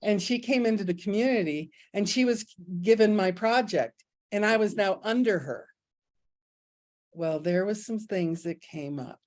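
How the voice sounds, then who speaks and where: A middle-aged woman talks frankly and mocks herself, telling personal stories in a loose, conversational way. Her voice sits at an ordinary middle pitch for a woman, and she often breaks into laughter. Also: a little slow, a little mellow. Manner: candid, self-mocking, laughs often. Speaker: spiritual teacher. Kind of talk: casual spiritual talk with storytelling.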